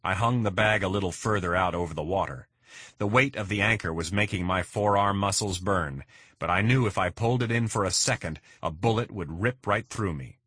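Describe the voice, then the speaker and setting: A man narrating a first-person crime thriller in a steady, measured reading. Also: low-pitched, breathy edge, no echo. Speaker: audiobook narrator.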